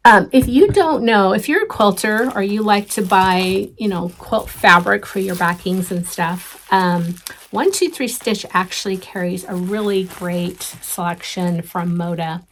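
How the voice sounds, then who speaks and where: A woman's voice: mid-range voice, a little slow, slight background noise. A middle-aged woman hosting a casual show-and-tell craft vlog, chatty and rambling, with many ums and restarts. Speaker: flosstube host.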